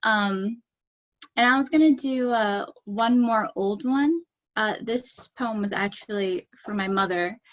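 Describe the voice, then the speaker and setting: A woman from Staten Island reading her poems at a live online poetry event, halting and full of fillers between pieces. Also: mid-range voice, highs cut off. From Staten Island, New York. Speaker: poet reading her work. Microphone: video call.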